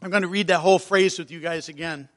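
Earnest male preacher, high voice, slow heartfelt sermon, long hall reverb. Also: fairly even intonation. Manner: earnest, emotional, reads hymn lines slowly.

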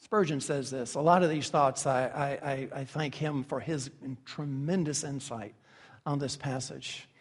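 A man preaching a sermon, emphatic and impassioned, building to loud, vivid passages. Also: medium pitch, steady tone, measured pace, slightly rough, long reverb tail. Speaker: pastor.

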